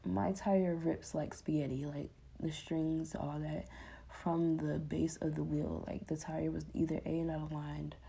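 A woman's voice: low-pitched, little pitch movement, a little slow, creaky, warm tone. A woman telling a rambling, casual story to the camera, full of "like"s and little sung sound effects. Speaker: vlogger.

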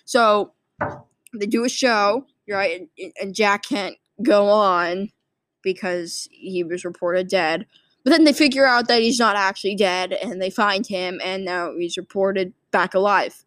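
A woman's voice: mid-range voice, measured pace, fairly bright tone, dry recording. Sleepy rambling woman, dry close sound. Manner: rambling, many fillers and restarts. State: sleepy, yawning. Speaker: movie recap vlogger. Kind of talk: casual rambling plot summary.

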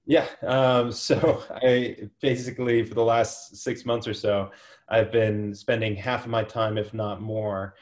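A fairly low-voiced young man with a faint New Zealand lilt answers questions as a podcast guest. He talks in a relaxed, easygoing way, stopping for ums and uhs. He is on a video call. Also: unhurried. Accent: slight New Zealand. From United States, Portland. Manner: relaxed, easygoing, hesitant fillers. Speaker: podcast guest, company CEO. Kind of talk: casual interview chat.

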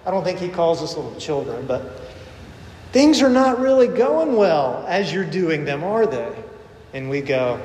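Man pastor, middle-aged, high voice, sermon with long hall reverb. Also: very animated, measured pace, darkish tone, a little hiss or hum. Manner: conversational storytelling, acts out quoted voices. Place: church sanctuary. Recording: echoey long reverb of a sanctuary.

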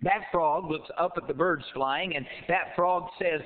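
A man preaching a sermon, telling a fable in a folksy, animated way that rises to emphatic peaks. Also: a little high, measured pace, few pauses. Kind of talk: sermon with storytelling. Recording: tinny phone-like sound.

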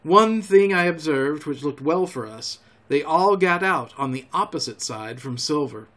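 A man hosting a storytelling show, reading a classic novel aloud in a calm, homely way. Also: a little high, unhurried. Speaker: storyteller host.

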